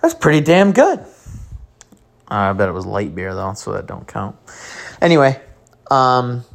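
Guy from mid-michigan doing his sports podcast, rambly and jokey, pokes fun at himself, mid pitch. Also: very animated, unhurried, gravelly. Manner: rambling, joking, self-mocking. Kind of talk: casual sports podcast chat.

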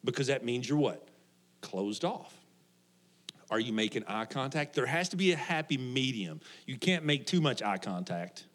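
A man's voice: medium pitch, animated, normal speed, a bit bright. A middle-aged man, a pastor, preaching a conversational sermon to a congregation, joking, laughing often and asking his listeners questions.

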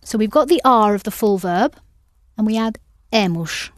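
A woman's voice: medium pitch, animated, normal speed, no room sound. A woman teaching an audio language lesson, patiently prompting and correcting her students.

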